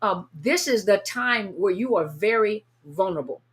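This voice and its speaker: A woman's voice: medium pitch, animated, moderate pace. A woman coaching people through abuse and grief in an unscripted teaching talk, earnest and repetitive, often acting out what listeners feel. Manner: earnest, repetitive, acts out inner voices. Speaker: coach on narcissist abuse recovery.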